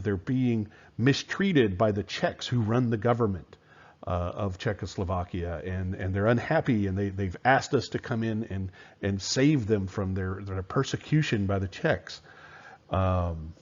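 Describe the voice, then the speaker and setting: Guy teaching history casually, lots of uhs and asides, lowish voice, dull recording. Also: moderate pace, a little mellow. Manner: conversational, with fillers and rhetorical asides. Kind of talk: informal history lecture.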